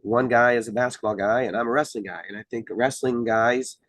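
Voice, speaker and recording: A middle-aged man from Iowa, a wrestling official talking through rules in a casual podcast chat, measured and full of fillers. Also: mid-range voice, steady tone, a bit bright, no room sound. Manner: measured, explanatory, many fillers.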